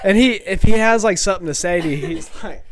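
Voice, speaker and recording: Animated man, chatter behind. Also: high voice, quick pace. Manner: animated, laughing. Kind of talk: casual storytelling.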